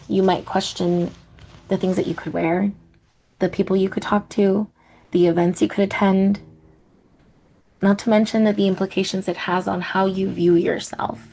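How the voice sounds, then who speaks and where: Gentle woman with vocal fry. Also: medium pitch. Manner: gentle, warm, laughs softly at herself. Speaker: podcast host. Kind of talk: guided meditation and reflective talk.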